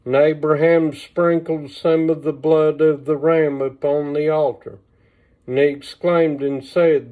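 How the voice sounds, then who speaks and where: A man reading an old religious text aloud on a livestream, slow and measured, with small asides, recorded on a phone. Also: on the high side, little pitch movement, warm tone. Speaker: reader. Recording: tinny phone-line sound.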